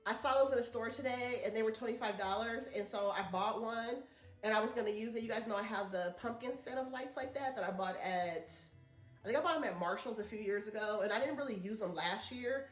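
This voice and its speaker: A woman's voice: on the high side, brisk, roomy sound, faint music behind. A woman vlogger, chatting casually and telling a rambling story to her viewers. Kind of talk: casual chat to camera.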